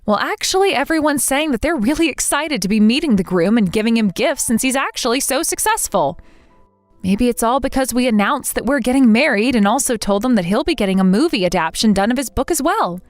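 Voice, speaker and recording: An exasperated young bride, played by a woman speaks in a high, animated voice. She sounds demanding and indignant. The recording is dry and close-miked. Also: a little fast, dry recording, close to an everyday voice. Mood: vindicated. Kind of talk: text-message story voice acting.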